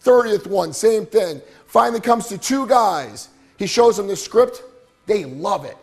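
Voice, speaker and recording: Middle-aged male motivational speaker, animated storyteller, fairly high voice, breathy and rough. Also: unhurried, faint music behind. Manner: animated, keeps checking in with "right?". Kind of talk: storytelling presentation to a live audience. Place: venue with a live audience.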